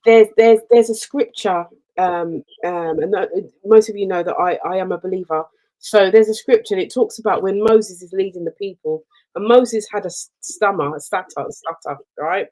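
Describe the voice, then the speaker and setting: Expressive woman telling stories. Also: mid-range voice, poor audio. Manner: warm storytelling, expressive. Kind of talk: casual radio chat.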